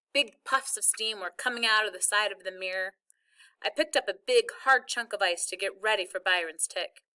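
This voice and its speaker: A woman's voice: medium pitch, pushed and bright. A woman reading a first-person novel chapter aloud as narrator. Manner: plain storytelling.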